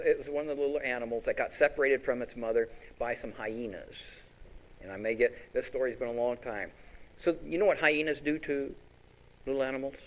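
A man preaching a sermon, telling animated stories and asking his congregation rhetorical questions. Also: medium pitch, rough recording.

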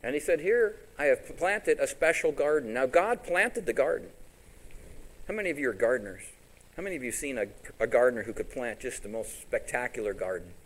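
On a poor-quality recording, a male pastor with a mid-range voice and lively intonation preaches fairly quickly. He talks conversationally, asks the congregation questions, and paraphrases scripture in quoted voices.

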